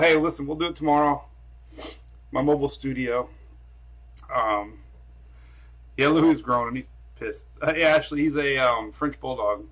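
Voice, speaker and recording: A man's voice: medium pitch, fairly bright tone, breathy edge. A man hosting a casual weather live stream from home on his phone camera, rambling and chatty as he talks to viewers and his dogs.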